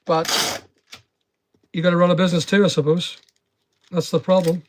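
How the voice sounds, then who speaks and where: A man's voice: sits high, flat delivery, normal speed, a little hiss or hum. A middle-aged Northern Irish man rambling chattily on a livestream while packing online orders and talking to viewers. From Northern Ireland.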